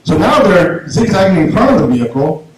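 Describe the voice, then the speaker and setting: Male stand-up comic, slightly high voice, rambling delivery; very echoey small-venue recording with faint noise. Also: big pitch swings, fairly quick. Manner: rambling, restarts often, acts out quotes in a raised voice. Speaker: stand-up comedian. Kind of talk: stand-up storytelling.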